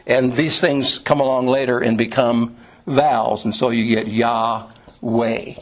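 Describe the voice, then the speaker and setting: A middle-aged man teaching an informal Bible class at a mid-range pitch. He talks conversationally, pausing on "um" and "uh" and restarting his sentences as he explains. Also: flat delivery, low-quality recording. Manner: conversational, with many fillers and restarts.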